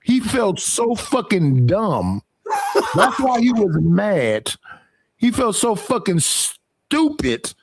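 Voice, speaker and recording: A man's voice: high voice, dry recording. Profane storytelling man, dry close sound. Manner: profane, animated storytelling with acted quotes. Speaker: podcast host. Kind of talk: casual storytelling.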